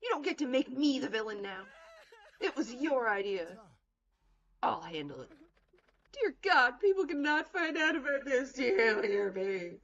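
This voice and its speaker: A woman reading as an indignant, shouting wife. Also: fairly high pitch, very animated, moderate pace, pauses often, dull audio. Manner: raised, indignant, near shouting. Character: furious, defensive wife arguing with her husband.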